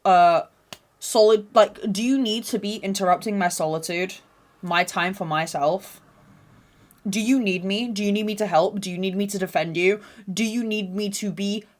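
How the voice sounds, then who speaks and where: A young woman hosting a podcast, ranting casually and profanely, rambling from loud outbursts to low mutters. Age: young adult. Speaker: podcast host. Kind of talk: casual rant monologue.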